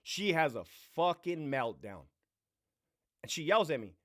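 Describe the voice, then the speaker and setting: Man, casual storytime rant, swearing, lively pitch, slightly high voice. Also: measured pace. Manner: profane, animated, swings between loud bursts and low mutters. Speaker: vlogger telling a story.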